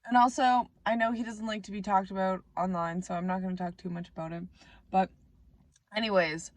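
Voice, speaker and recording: Raspy-voiced woman chatting to camera. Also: mid-range voice, level tone, fairly quick, dry recording. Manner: rambling, chatty, self-mocking. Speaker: vlogger. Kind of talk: casual chat to camera. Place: Canada.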